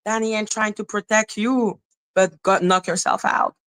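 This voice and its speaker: A woman's voice: mid-range voice, fairly even intonation, moderate pace, fairly bright tone, clear, resonant tone, poor audio. A woman hosting a commentary livestream, ranting in a profane, sarcastic and scornful way. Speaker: commentary channel host. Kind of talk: livestream rant.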